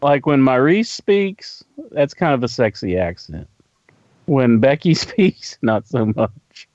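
A man chats casually on a podcast, often stumbling and repeating words as he searches for them. His pitch moves around a lot. The recording is dry and slightly muffled. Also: very animated, slow, a little mellow, dry recording. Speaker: podcast co-host. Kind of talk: casual chat.

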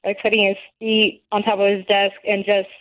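A woman's voice: medium pitch, little pitch movement, normal speed, a bit bright. Woman caller on a dull phone line. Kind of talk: call-in chat.

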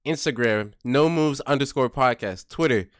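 A man's voice: medium pitch, moderate pace, smooth, no echo, studio quality. A young man co-hosting a podcast, joking and teasing in casual banter. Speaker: podcast co-host.

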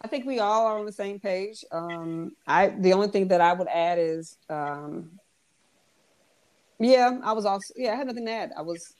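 A woman co-hosting a podcast, chatting in a relaxed way, laughing easily and trailing off into fillers. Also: medium pitch, moderate pace. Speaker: podcast co-host. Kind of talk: casual chat.

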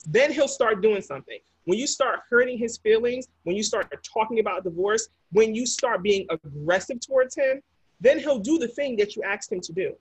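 Emphatic husky woman giving relationship advice. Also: a little high, lively intonation, normal speed, no echo. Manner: emphatic, repeats key phrases for effect. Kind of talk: podcast conversation.

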